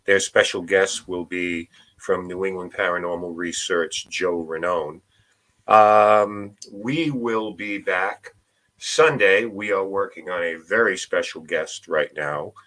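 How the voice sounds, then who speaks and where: A man's voice: low-pitched, takes it slowly. A man co-hosting a talk show, casually running through the upcoming lineup. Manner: relaxed, plugs upcoming shows. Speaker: co-host.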